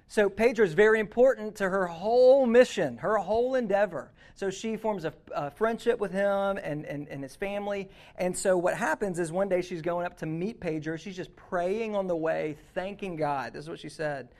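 A man preaching a sermon, telling a story that moves from hushed passages to loud, urgent ones. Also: high voice, moderate pace, few pauses. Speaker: youth pastor.

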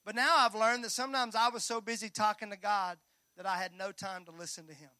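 A high-voiced man preaches a sermon, bright and forceful in tone. He swings from loud rallying calls down to hushed, near-whispered lines, dropping folksy jokes to his congregation. The sound is close and dry. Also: fairly even intonation, a little fast, no echo. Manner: folksy, joking asides to the congregation. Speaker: pastor.

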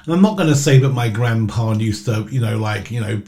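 A man's voice: lowish voice, fairly quick, darkish tone. A man from England, hosting his own podcast and chatting in a joking, self-mocking way as he tells stories. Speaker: podcast host. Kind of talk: casual solo podcast monologue.

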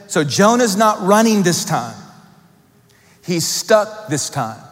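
Guy preaching slow and deliberate, kinda high voice, drops way down quiet then comes back loud. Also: big pitch swings. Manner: emphatic, dramatic shifts between loud and hushed. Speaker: pastor. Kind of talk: sermon. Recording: long hall reverb.

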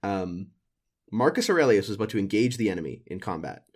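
A man retelling an ancient story in casual, joking chat, quick to laugh. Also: lowish voice, very animated. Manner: jokey, laughing, acts out figures in silly voices.

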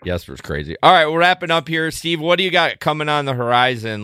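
A man co-hosting a casual podcast chat, blunt and quick to swear when he rants. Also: fairly high pitch, very animated, pushed and bright, clear, resonant tone, no room sound, clean studio sound. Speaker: podcast co-host.

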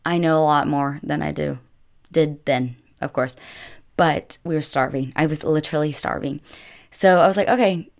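A woman's voice: sits low, fairly even intonation, moderate pace, creaky. A young woman telling a travel story in a casual, chatty way, filling her speech with "like". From United States. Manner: chatty, filler-heavy, lots of "like". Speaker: vlogger.

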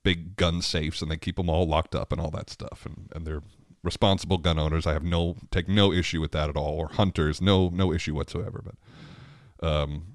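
A man's voice: low voice, steady tone, fairly quick, hardly any pauses, no room sound, clean studio sound. A man hosting a podcast in a casual solo monologue, rambling with many restarts and frequent laughter. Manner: rambling, self-interrupting, laughs often. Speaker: podcast host.

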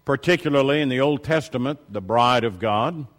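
A middle-aged man preaching a sermon, telling stories in a low voice and then rising loudly as he reads and exhorts. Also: brisk. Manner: shifts from quiet storytelling to loud preaching.

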